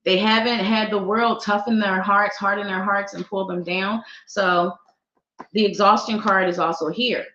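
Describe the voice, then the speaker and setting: A woman's voice: medium pitch, moderate pace, slight background noise. A middle-aged woman, a psychic giving a casual, playful live-stream tarot reading and chatting with viewers. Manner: animated, playful, chatty, talks to viewers as y'all. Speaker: psychic reader. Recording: roomy, dull lo-fi stream audio.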